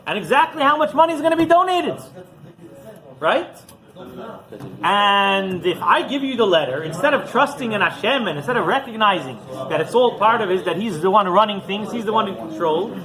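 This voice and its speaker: A man's voice: high voice, poor audio. A man, a rabbi, telling a story in a sermon and often questioning his listeners.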